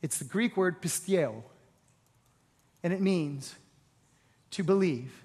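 A man delivers an animated sermon in a fairly high voice. He questions the congregation and swells to loud, emphatic moments. The sound carries a long reverb, as in a large church sanctuary. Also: takes it slowly, husky. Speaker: pastor.

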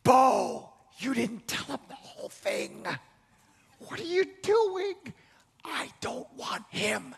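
A man's voice: very high voice, big pitch swings, slow pace, creaky, a bit bright, a little hiss or hum, heavily acted. A male preacher voicing an exasperated, blunt young woman in a sermon aside, with long hall reverb.

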